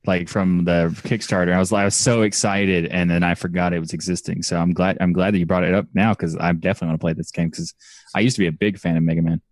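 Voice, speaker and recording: A man's voice: deep voice, little pitch movement, fast talker, dry recording. A man co-hosting a podcast, chatting casually and eagerly about games, tripping over his words. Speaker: podcast co-host. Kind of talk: casual gaming chat.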